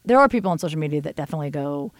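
A middle-aged woman host chatting on a podcast with a candid, animated storytelling manner and casual swearing. Her voice sits fairly low, and the sound is dry and close with no room around it. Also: rapid-fire, dry recording. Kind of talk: casual chat.

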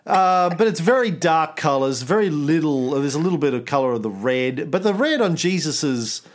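A man's voice: on the high side, animated, normal speed. A man co-hosting a casual art-history chat, musing aloud with irreverent, crude jokes. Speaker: podcast co-host.

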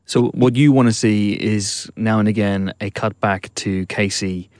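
A man's voice: lowish voice, fairly even intonation, a little slow, a little mellow, dry recording. A man hosting a film podcast, chatty and affable as he introduces guests and discusses the film. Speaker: podcast host. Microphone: studio mic in a podcast booth.

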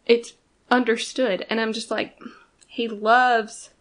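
A woman's voice: a little high, flat delivery, slow, fairly bright tone. A young woman co-hosting a fan podcast, chatting casually and arguing her points with emphasis. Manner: emphatic, swears, argues a point. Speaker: podcast co-host.

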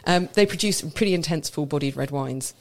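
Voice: medium pitch, a little fast. A co-host who explains wine knowledgeably in casual radio chat. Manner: knowledgeable, explanatory, warmly enthusiastic.

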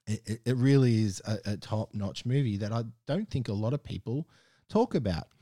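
A man's voice: on the low side, expressive, normal speed, dark tone, dry recording, clean studio sound. A man hosting a podcast, casually reviewing a film in a chatty way with frequent fillers and restarts. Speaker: podcast host.

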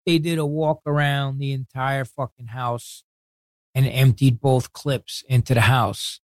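Medium pitch, flat delivery, and no room sound mark this man's voice. He comes from New York City, carries a New York accent, and is a guest in a casual interview recalling his past. Heavy swearing and blunt street talk run through his stories, where he quickly acts out what others said.

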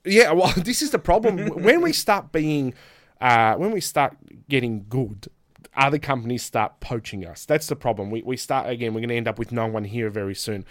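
An Australian man in his thirties, a guest on a casual podcast, telling candid, animated stories, swearing and laughing often. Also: medium pitch, moderate pace, no echo, studio quality. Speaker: guest, pro wrestler.

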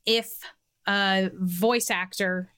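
A woman co-hosting a podcast, asking the guest measured questions in a conversational interview. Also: medium pitch, steady tone, fairly bright tone, clear, resonant tone. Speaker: podcast co-host.

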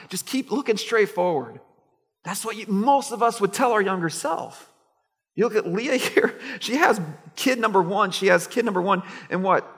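A man preaches in a lively, conversational way, often turning to the congregation with asides. His voice sits a little high and carries a slight husk. A long reverb hangs on every phrase, as in a large hall. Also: vocal fry, slightly rough. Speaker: pastor. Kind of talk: sermon.

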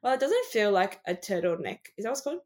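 A woman's voice: medium pitch, big pitch swings, fast. A woman co-hosting a casual podcast chat, bubbly and laughing through her stories. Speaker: co-host.

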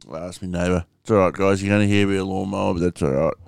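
An Australian man rambling casually in a home vlog, slow and full of ums, swearing freely. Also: low-pitched, steady tone, creaky, darkish tone, no echo, studio quality. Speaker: vlogger. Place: room at home with window open.

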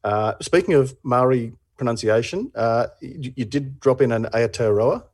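A man's voice: mid-range voice, moderate pace, a little mellow. A man hosting a beer news podcast, chatting casually and teasing his co-host, with frequent restarts and laughs. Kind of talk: casual podcast chat and read sponsor ad.

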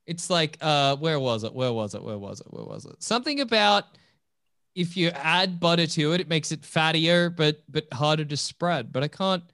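A man's voice: on the high side, normal speed, dry recording, studio quality. A man co-hosting a comedy podcast, chatting casually and laughing often. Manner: laughs often, animated and jokey. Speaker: podcast co-host. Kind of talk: casual chat.

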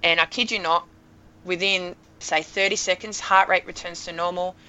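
A woman in her thirties, a podcast guest telling an emotional story in a lively, animated way. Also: lowish voice, normal speed, clean tone, highs cut off. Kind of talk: casual storytelling.

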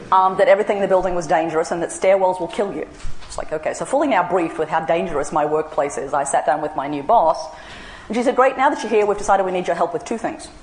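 A woman's voice: low voice, a little mellow, roomy sound, slight background noise, poor audio. An Australian woman in her forties gives a humorous talk, telling wry anecdotes with self-mocking asides. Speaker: speaker giving a talk. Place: large room with an audience.

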